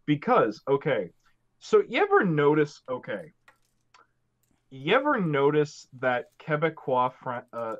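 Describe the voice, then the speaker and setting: Male guest, lively pitch, argumentative, profane, dull lo-fi audio. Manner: argumentative, profane, stammering restarts. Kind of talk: casual chat on a live stream.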